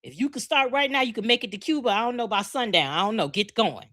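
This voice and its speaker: Brash, profane woman co-host, high and bright, very animated delivery. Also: fast. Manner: brash, profane, repeats herself. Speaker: podcast co-host. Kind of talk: loud comedic rant.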